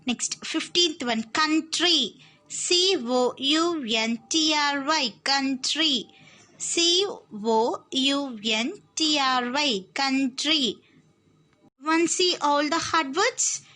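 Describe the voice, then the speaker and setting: A woman's voice: high-pitched, very slow, bright, forceful tone. A young woman teacher, giving an online lesson to children and spelling each word out letter by letter.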